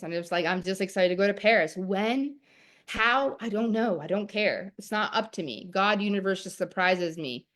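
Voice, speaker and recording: A woman's voice: mid-range voice, brisk, a bit bright. A young woman teaching a live-streamed masterclass, talking in a chatty, enthusiastic way full of "like". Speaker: online course teacher.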